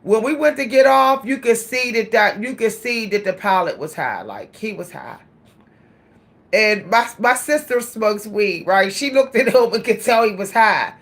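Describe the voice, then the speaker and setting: A woman vlogger telling a story in casual chat, animated and laughing, talking straight to her listeners. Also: on the high side, moderate pace.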